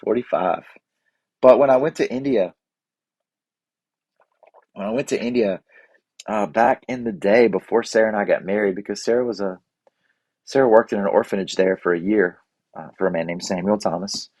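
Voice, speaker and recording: A man shares stories in a rambling, folksy, self-deprecating way. His voice sits a bit low, and the recording is dry and close, with no room sound. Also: normal speed, long pauses, darkish tone, no echo. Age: 40s. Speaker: podcast host. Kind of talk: casual reflective monologue.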